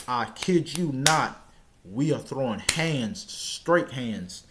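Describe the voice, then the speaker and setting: A young man casually telling a personal story, stammering now and then and shouting out the lines he quotes. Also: medium pitch, expressive, slow pace, a little hiss or hum.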